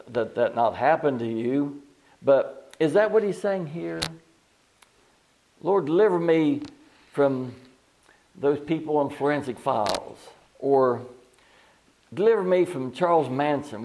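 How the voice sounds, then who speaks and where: A man's voice: medium pitch, darkish tone. An older man preaching an informal sermon in a folksy, digressive way, often restarting his sentences and chuckling at his own stories.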